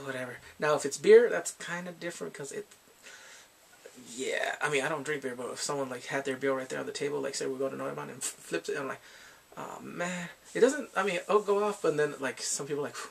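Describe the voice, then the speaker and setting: A man casually recapping a TV drama with animated, laughing storytelling. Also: on the high side, gravelly, breathy edge. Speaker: drama reviewer.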